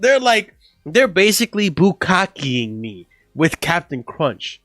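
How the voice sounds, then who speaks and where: A man's voice: high-pitched, takes it slowly, dry recording, clean studio sound. A man casually telling a story on a livestream, rambling and profane, full of "bro" and "like". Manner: animated, laughing through the story.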